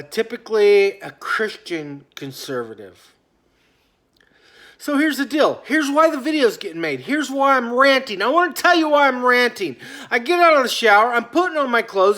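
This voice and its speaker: Lively, slow-talking man ranting at home. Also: high-pitched. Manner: talkative, self-interrupting, drifts off into quiet mutters. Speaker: vlogger. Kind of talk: rambling casual rant to camera. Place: at home on a couch. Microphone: phone camera.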